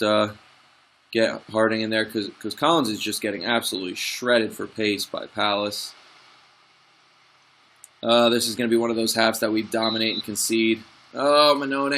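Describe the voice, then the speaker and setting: A young man narrating his own football management game like a commentator. His voice is bright and ringing, his pitch sits mid-range for a man, and his excited calls give way to frustrated muttering about his team. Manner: excitable, frustrated, swings from play-by-play to grumbling asides. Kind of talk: let's play commentary.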